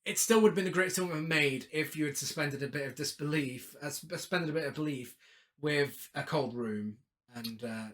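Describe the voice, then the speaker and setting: A man's voice: fairly high pitch, brisk, a bit bright. A man co-hosting a podcast, recapping a film's plot with laughing asides in casual chat. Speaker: podcast co-host.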